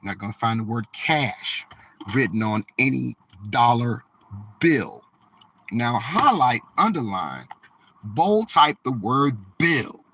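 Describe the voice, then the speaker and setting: A man hosting a live stream from a vehicle, talking to his chat in a slow, emphatic, preachy way and dragging out key words. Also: medium pitch, very animated, pushed and bright, husky, no room sound. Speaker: livestream host.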